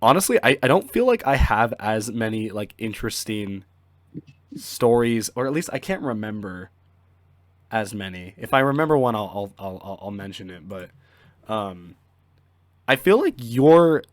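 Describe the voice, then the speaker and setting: A man hosting a podcast in casual chat, halting and trailing off softly as he thinks. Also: lowish voice, sing-song, no echo, studio quality. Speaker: podcast host.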